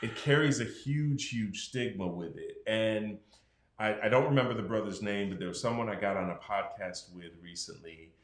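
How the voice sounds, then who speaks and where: A man's voice: lowish voice, moderate pace, reverberant. A man, a doctor, explaining health matters frankly in a casual podcast conversation. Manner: explanatory, frank, acts out patients' voices.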